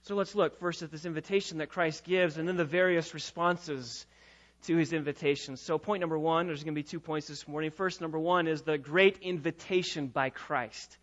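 A man preaching a sermon as pastor, swelling from quiet teaching to loud, passionate proclamation. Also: a little high, steady tone, normal speed, lo-fi sound. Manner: preaching with rising and falling intensity, sometimes loud.

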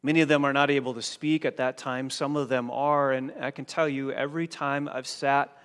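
A male pastor preaching a sermon, dropping to a hush and then rising to loud, forceful emphasis. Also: medium pitch, steady tone, a little fast, smooth. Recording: long hall reverb.

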